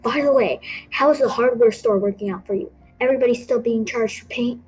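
A woman voicing a proud, angry schoolgirl coder, with a sharp, accusing manner, in a storybook reading. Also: a little high, fairly quick, faint music behind, natural voice, poor audio.

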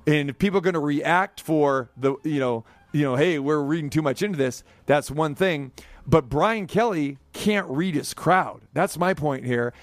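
A man's voice: on the high side, normal speed, no room sound. A man hosting sports talk, arguing his point in an insistent, emphatic way. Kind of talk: sports radio commentary and debate.

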